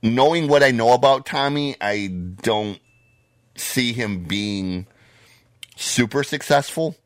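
A man's voice: mid-range voice, slow pace, dry recording. Profane ranting man on a podcast. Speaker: podcast co-host. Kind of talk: casual podcast chat.

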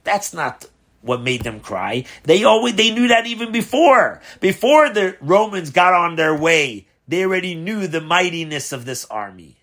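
Rabbi posing questions while teaching. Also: male voice, high-pitched, normal speed. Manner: asks rhetorical questions, animated emphasis. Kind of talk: Torah class explaining a text.

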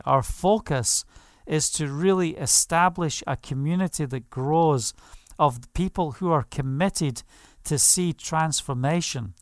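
A man's voice: a little high, clear, resonant tone, no room sound, studio quality. A man pastor preaching a passionate sermon, declaring over property and leading prayer.

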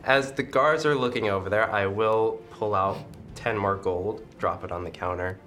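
A man playing a tabletop game, calmly describing what his character does. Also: fairly low pitch, normal speed. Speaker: player. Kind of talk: casual tabletop game play.

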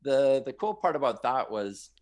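A middle-aged man from Canada, a guest in an interview, telling stories animatedly and bursting into loud quoted lines. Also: mid-range voice, moderate pace. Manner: animated storyteller who shouts out quoted lines. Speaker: guest, marathon runner. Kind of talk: storytelling in a podcast interview.

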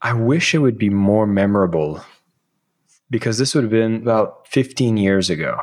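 A man in his thirties talks as a podcast guest in a fairly low voice. He tells stories casually and with energy. When he repeats what other people said, he acts out their lines. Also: moderate pace. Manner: animated, acts out quoted dialogue. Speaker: podcast guest, sales author. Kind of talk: casual interview storytelling.

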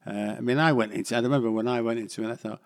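This guest actor, an older man from Manchester, England, races through a relaxed interview chat in a steady, mid-pitched voice. He's talkative, wanders off on tangents, and pokes fun at himself.

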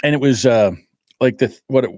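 A man hosting a podcast, telling animated stories, swearing freely and laughing as he talks. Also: mid-range voice, normal speed, no echo, clean studio sound. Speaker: podcast host. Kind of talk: casual storytelling and commentary.

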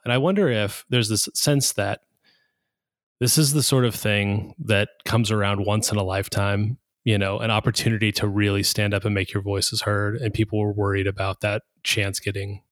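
A man's voice: fairly low pitch, fairly even intonation, moderate pace, no room sound, studio quality. A man interviewing a guest, asking careful, hedging questions in a casual conversation.

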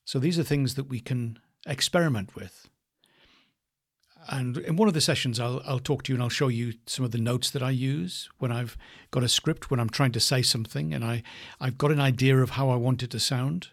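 Husky man giving a slow voice lesson. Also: medium pitch. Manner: slow, thoughtful, varies stress for demonstration. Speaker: voice coach. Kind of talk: reflective spoken lesson.

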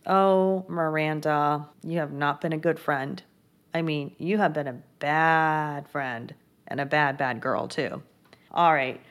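A young woman with a notably low voice recaps a TV episode. She talks casually and chattily, full of "like" fillers and gossipy asides. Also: slow pace. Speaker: TV recap host.

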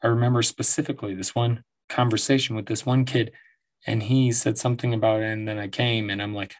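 In a steady, brisk, mid-range voice, a podcast host in his forties delivers a casual monologue at home. He tells stories in a rambling, profane way and laughs frequently.

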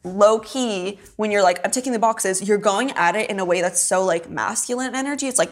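A woman's voice: medium pitch, brisk. Young woman chatting loosely, lots of likes and laughs, swears here n there. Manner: laughs often, heavy use of "like", swears casually. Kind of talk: casual chat.

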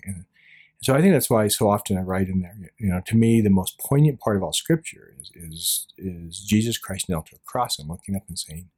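A man's voice: low-pitched, a little fast, a little mellow. A man speaking as an interview guest, talking earnestly and often dropping to a near-whisper. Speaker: guest author. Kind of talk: reflective interview talk.

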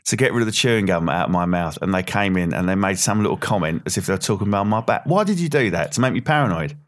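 A man's voice: low-pitched, fast. A man hosting a podcast, chatting casually and getting defensive with his friends. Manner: animated, defensive, self-mocking. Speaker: podcast host. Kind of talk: casual banter.

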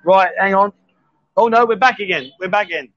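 A man's voice: high-pitched, moderate pace, a bit bright, dry recording, lo-fi sound. A man hosting a live stream from a bar, joking and teasing his guests in casual banter. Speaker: host.

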